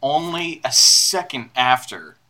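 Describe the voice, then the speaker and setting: A man's voice: medium pitch, lively intonation, takes it slowly, sharp tone, low-quality recording. A young man running a tabletop game, narrating casually and reining in players with dry amusement. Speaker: game master.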